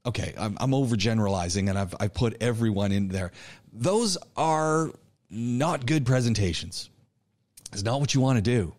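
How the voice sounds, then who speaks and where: Male instructor, online speech class lecture, animated, coaching, restarts a lot. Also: mid-range voice, normal speed. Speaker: college public speaking instructor.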